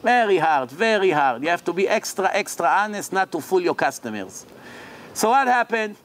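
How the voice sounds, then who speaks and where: A man with a very high voice gives a religious lecture in English, a language he did not grow up speaking. He tells a long story and voices each person in it, so his pitch and loudness swing widely between narration and their lines. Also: normal speed. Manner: animated, acts out the characters' lines in the story. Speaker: rabbi. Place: lecture hall.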